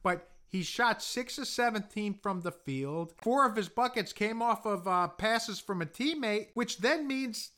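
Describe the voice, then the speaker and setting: Male co-host, high-pitched with a bright edge; wry, questioning sports talk. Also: expressive, unhurried, few pauses. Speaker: podcast co-host. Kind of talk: casual sports chat.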